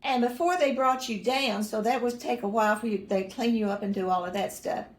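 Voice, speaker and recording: A woman's voice: a little high, brisk, roomy sound. An older woman recalling family memories in a rambling, self-correcting way, with dry humor and small chuckles. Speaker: mother recalling family stories. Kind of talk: casual personal storytelling.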